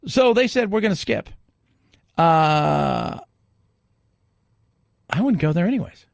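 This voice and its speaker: A man's voice: on the high side, sing-song, takes it slowly, creaky, dry recording, clean studio sound. A man hosting a talk radio show, delivering an opinionated monologue with sarcastic, mocking asides.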